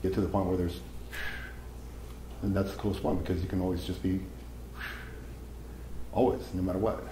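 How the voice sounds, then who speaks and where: A man's voice: sits low, level tone, moderate pace, echoey room, noisy background. A man giving a live seminar talk to an audience, casual and profane, telling stories as he goes. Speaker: seminar speaker.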